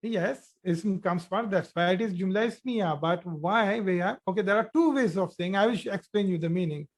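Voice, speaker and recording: A man teaching an online Arabic grammar class, explaining slowly, addressing students directly and often repeating and restarting his phrases. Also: high-pitched.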